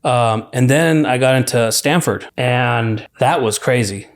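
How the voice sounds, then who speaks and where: A young man from California shares his life story as a guest on a podcast. He talks in a loose, rambling way, full of "like" and "you know," at an ordinary mid-range pitch. His delivery sounds easygoing and conversational. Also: measured pace. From California, USA. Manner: relaxed, rambling, many "like" and "you know" fillers. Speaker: podcast guest, university student. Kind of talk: casual storytelling interview.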